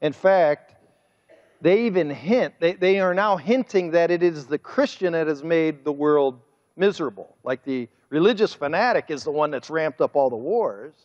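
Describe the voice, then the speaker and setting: A man preaching a sermon as pastor, speaking with drawn-out emphasis and a mocking, sarcastic edge. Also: a little high, expressive, darkish tone. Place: church sanctuary. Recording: muffled sermon audio with long church reverb.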